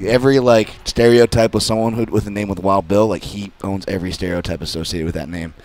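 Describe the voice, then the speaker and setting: A man with a low voice talks quickly and tells a story on a studio radio show. He rambles and restarts, and keeps the tale moving. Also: steady tone, darkish tone, a little hiss or hum. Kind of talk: casual studio chat, storytelling.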